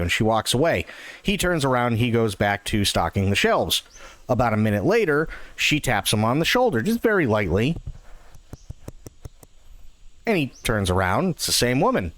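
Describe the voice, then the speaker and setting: Chatty, expressive man streaming a game. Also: medium pitch, a little fast, dry recording. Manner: chatty, profane, expressive storyteller. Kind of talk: casual live-stream chat and joke telling.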